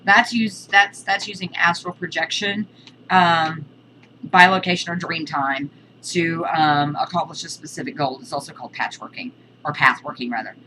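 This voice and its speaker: Low, bright-toned woman teaching. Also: steady tone, slight background noise, poor audio. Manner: halting, list-like explanations. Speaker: witchcraft teacher. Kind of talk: casual video lesson.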